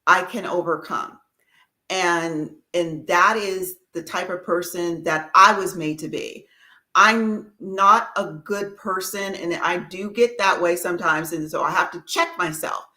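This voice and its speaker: A woman guest in an interview, an author and filmmaker, speaks slowly and thoughtfully. Her tone is bright and a little tense. She often stops to rephrase what she means. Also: lowish voice. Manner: slow and thoughtful, with self-corrections. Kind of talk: reflective interview answers.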